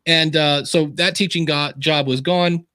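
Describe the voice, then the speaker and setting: Speaking a little slowly in a smooth, slightly high voice, this Ohio man appears as a guest on a podcast via video call. He's chatty and animated, voicing the people in his stories during the casual interview, and the audio is clean with no room sound.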